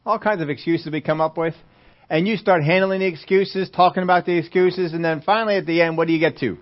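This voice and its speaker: A man's voice: a little high, steady tone, quick pace. A man preaching a sermon in a conversational way, often asking the congregation questions. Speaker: pastor. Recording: dull lo-fi recording.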